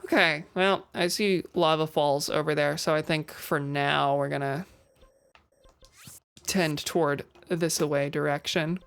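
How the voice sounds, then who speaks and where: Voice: medium pitch, steady tone, measured pace, creaky, fairly bright tone, clear, resonant tone. A game streamer giving casual gameplay commentary, rambling, restarting sentences and chuckling often.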